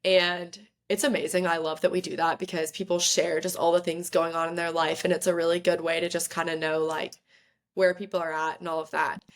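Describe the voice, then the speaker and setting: A young woman, a podcast guest, telling a story in lively, chatty conversation and often saying "like". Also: lowish voice, brisk. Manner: lively, chatty, fills talk with "like". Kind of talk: casual storytelling interview.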